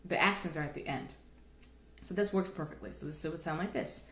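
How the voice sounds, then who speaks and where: A woman cantor giving a recorded lesson, explaining patiently and thinking aloud, now and then breaking into slow sung examples. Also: low voice, fairly bright tone. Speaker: cantor teaching a class. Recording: roomy, echoey room sound.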